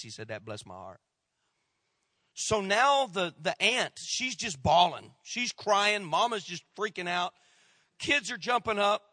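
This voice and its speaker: Animated storytelling pastor, bright voice. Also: male voice, on the high side, no room sound, clean studio sound. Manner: animated storyteller, acts out quoted voices, drops to hushed tones. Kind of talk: sermon storytelling.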